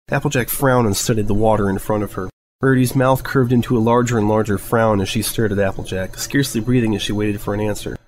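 A man narrating a fan story aloud in a steady, even reading voice. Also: lowish voice, fast, low-quality recording. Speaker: fanfiction reader. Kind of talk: audiobook narration.

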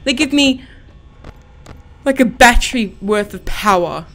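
Horror let's-play: young woman, high voice, unhurried delivery, panicky gasps and muttered swearing. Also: lively intonation, fairly bright tone. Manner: panicky, gasping, swearing under her breath. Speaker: gaming channel host.

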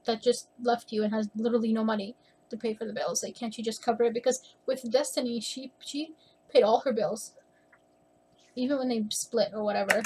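A woman chats her way through a reaction video from home, voice slightly high with a husky edge. She rambles and gives blunt opinions, sounding a little out of breath. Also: steady tone, fairly quick, dark tone. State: a bit out of breath. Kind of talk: casual chat reaction commentary.

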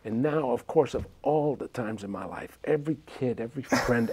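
A man's voice: mid-range voice, normal speed, hardly any pauses, darkish tone, husky, no room sound. A man, a talk-show guest animatedly telling a childhood story and acting out the voices. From New York City. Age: 60s.

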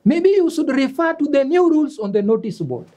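A woman with a Kenyan accent playing a calm, pointedly critical female college student. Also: high voice, fairly quick. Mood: reproachful. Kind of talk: web series acting.

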